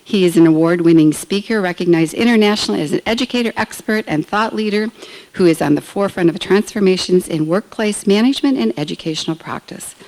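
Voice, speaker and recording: Low-voiced woman introducing a keynote. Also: quick pace, a little mellow, rough recording. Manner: reading a speaker bio with small fillers. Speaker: conference organizer introducing the speaker. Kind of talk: stage introduction.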